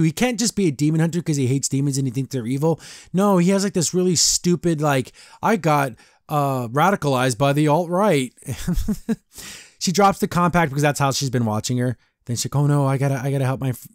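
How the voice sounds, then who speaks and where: A young man hosting a podcast, casually recapping a cartoon episode and voicing the characters in quick impressions, with frequent restarts. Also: mid-range voice, a little mellow, dry recording, studio quality. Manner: retells scenes with quick voiced impressions, restarts and stammers. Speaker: podcast host.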